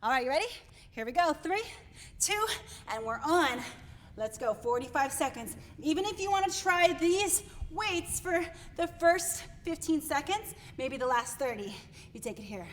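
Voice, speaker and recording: A woman leading a workout as she exercises along with it. She is out of breath, pushing her listeners on and counting down each set. Her voice sits high. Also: normal speed, slight background noise. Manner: energetic, encouraging, counting down. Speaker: fitness instructor. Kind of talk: live workout coaching.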